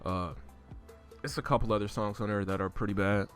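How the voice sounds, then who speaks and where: A man's voice: fairly even intonation, fairly quick, soft background music. Slangy man ranting about rap lyrics. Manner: swears freely, slangy, gets louder and higher when worked up. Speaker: host reviewing rap lyrics. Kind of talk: casual rant.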